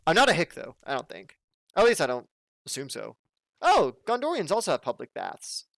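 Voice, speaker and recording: A man's voice: fairly high pitch, wildly swooping pitch, a little fast, vocal fry, fairly bright tone, no echo. A man from the southern United States casually commenting on his gameplay, chatty and jokey as he thinks aloud. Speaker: let's play host.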